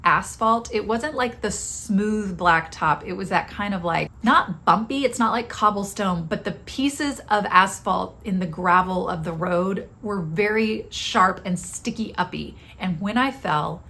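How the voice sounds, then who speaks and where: A woman's voice: mid-range voice, measured pace, bright, forceful tone. A middle-aged woman hosting a podcast, telling a personal story in a candid, confessional way. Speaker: podcast host.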